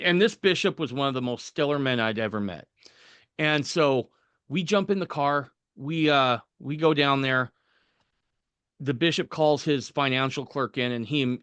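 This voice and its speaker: A man's voice: medium pitch, fairly bright tone, dry recording. Man telling a story, acting out voices. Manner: chuckles through the funny parts. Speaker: podcast guest. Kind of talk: personal storytelling.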